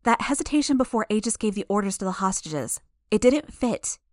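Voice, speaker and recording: A woman voicing a sharp-witted young woman who speaks urgently and insistently. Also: mid-range voice, expressive, fairly quick, no room sound, clean studio sound, pitched above the performer's own voice, lightly acted.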